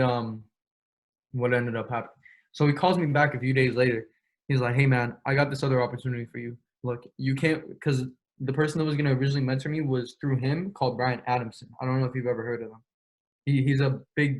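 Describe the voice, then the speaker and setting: A young man speaks as an interview guest, recounting events in loose, slangy talk. He swears freely and acts out both sides of conversations. His voice sits at an ordinary middle pitch. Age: young adult. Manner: slangy, profane, quick retelling with quoted dialogue. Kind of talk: casual storytelling.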